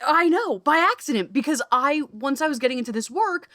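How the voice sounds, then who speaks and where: A woman hosting a podcast, gushing excitedly and swearing freely, talking in rapid bursts that keep interrupting themselves. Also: high-pitched, dry recording, clean studio sound. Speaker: podcast host.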